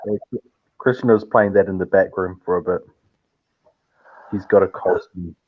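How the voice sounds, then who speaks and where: A man's voice: low voice, steady tone, normal speed. A man from New Zealand with a South Island accent, joking around as a guest in a casual online chat. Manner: jokey, playful. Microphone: phone on a video call. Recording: dull, breaking-up phone audio.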